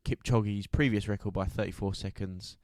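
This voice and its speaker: A man co-hosting a football podcast, chatty and quick to laugh. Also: fairly low pitch, steady tone, a little mellow, dry recording, clean studio sound. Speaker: podcast co-host. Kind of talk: casual football podcast chat.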